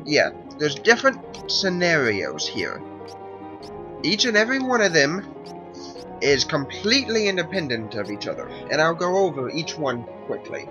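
A man's voice: on the high side, wildly swooping pitch, moderate pace. A man hosting a let's play, giving casual, rambling commentary and correcting himself as he explains the game. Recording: lo-fi with game music behind.

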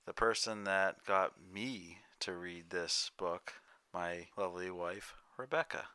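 Man, book podcast co-host, easygoing teasing, deep voice, dry close mic. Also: slow, sharp tone, clean tone, no echo. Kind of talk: casual book chat.

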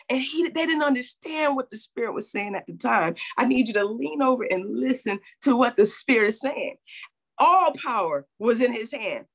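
A woman's voice: a little high, lively intonation, moderate pace, breathy edge. A woman pastor preaching a sermon, acting out Bible figures in quoted voices and calling out to her congregation. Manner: preaching with call-and-response.

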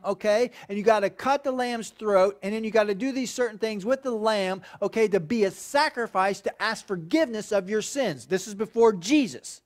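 High-voiced preacher, conversational. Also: male voice. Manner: conversational preaching with repeated "okay" checks, rising to loud emphatic peaks. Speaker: pastor. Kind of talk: sermon.

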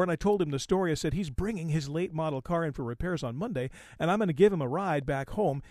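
A man hosting an automotive podcast, telling a story in a folksy, animated way and acting out the quoted lines. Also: medium pitch, no echo, clean studio sound. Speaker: podcast host.

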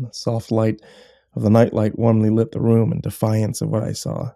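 A man telling a first-person horror story in a measured, hushed and tense way. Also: lowish voice, gravelly, no echo.

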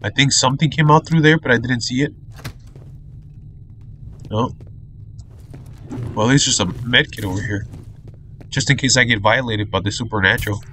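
A man's voice: mid-range voice, normal speed, long pauses, a bit bright, a little hiss or hum. A man doing let's play commentary on a horror shooter, jumpy, cursing often and muttering nervously. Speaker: gamer playing a horror shooter.

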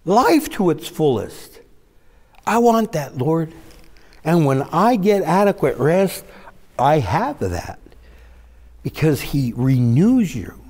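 A man preaching a sermon as a pastor, in an animated, dramatic style with sudden swoops up in pitch. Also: slow, long pauses, long reverb tail.

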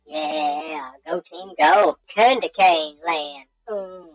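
A woman hosting a let's-play game commentary, goofy and excitable, talking to herself and making silly sound effects. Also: low-pitched, slow pace, few pauses, soft background music. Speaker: gaming channel host. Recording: dull lo-fi dry recording.

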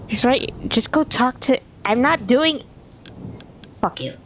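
A woman with a voice on the high side takes it slowly yet sounds animated as she plays a video game, with game music in the background and poor audio carrying a little hiss or hum. Her let's play commentary is casual, full of swearing, laughter, and dialogue choices read aloud.

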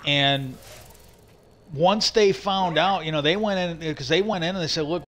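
A man's voice: a little high, a little slow, a bit bright, slight background noise. A man streaming live, telling a long casual story, retelling conversations with "he goes" and "I go" and swearing freely. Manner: rambling, retells talks with "he goes" and "I go".

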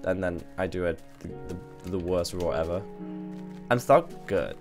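A man's voice: low-pitched, a little slow. A man giving casual, swearing commentary while playing a game. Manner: chatty, swears, thinks aloud. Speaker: gaming video host. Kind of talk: let's play commentary. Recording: faint background music.

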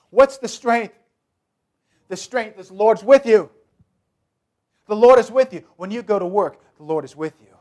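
A man's voice: sits high, animated, moderate pace, pauses often, warm tone. A man pastor preaching a sermon, emphatic and repetitive, speaking directly to the congregation.

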